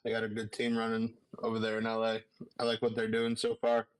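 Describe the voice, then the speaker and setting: A man's voice: lowish voice, completely flat delivery, fairly quick, clear, resonant tone, no echo, low-quality recording. A man chatting casually on a stream, friendly and complimentary.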